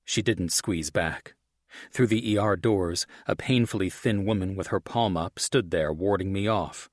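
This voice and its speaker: Brief: low-voiced male audiobook narrator, gritty and intense, dry mic. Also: no room sound. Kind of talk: scripted first-person romance narration.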